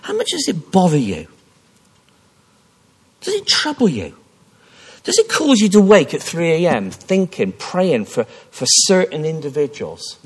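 Fervent male preacher, lively pitch. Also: measured pace, pauses often, husky. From Wales. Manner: emphatic, rising to fervent repetition with frequent restarts. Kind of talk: sermon.

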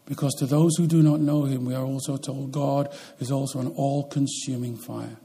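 A man preaching a sermon as pastor, swinging between loud, emphatic lines and quiet, slow ones. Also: medium pitch, steady tone, husky.

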